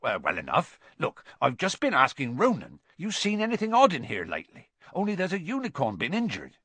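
A man voicing a huge, gruff gamekeeper with a rough in a storybook reading. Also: fairly high pitch, wildly swooping pitch, fairly quick, pushed and bright, no room sound, pitched above the performer's own voice, exaggerated voice. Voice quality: gruff, blunt.

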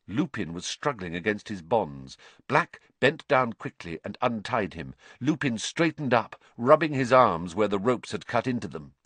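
A man narrating an audiobook in an expressive, scripted reading. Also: on the low side, measured pace, hardly any pauses, dry recording.

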